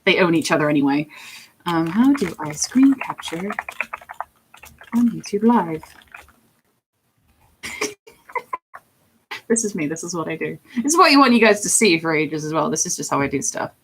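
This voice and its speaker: A young woman chatting casually on a live stream, giggly and self-deprecating, her pitch swinging widely as she answers viewers. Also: big pitch swings, normal speed, long pauses, noisy background.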